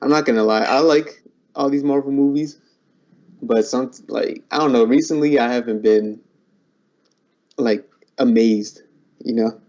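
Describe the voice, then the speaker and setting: A young man chats in an easygoing, agreeable way and hedges often with filler words. His tone is dark and mellow. The recording sounds muffled and lo-fi. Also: mid-range voice, a little slow, long pauses. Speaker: guest. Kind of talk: casual chat.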